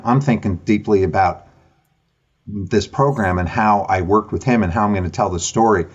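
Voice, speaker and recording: A man, a podcast guest and author, telling an animated story in an interview over a video call, acting out the conversations he recounts. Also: lowish voice, normal speed, breathy edge, highs cut off.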